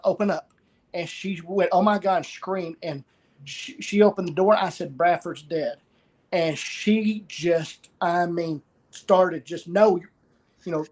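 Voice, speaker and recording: A middle-aged man telling a personal story as an interview guest, halting and repeating words. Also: high voice, darkish tone.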